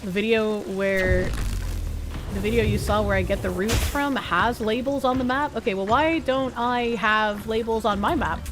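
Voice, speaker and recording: A woman's voice: fairly high pitch, steady tone, moderate pace, rough recording. A woman streamer giving casual commentary while she plays, chatting to the game's characters and swearing casually. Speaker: game streamer. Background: game music.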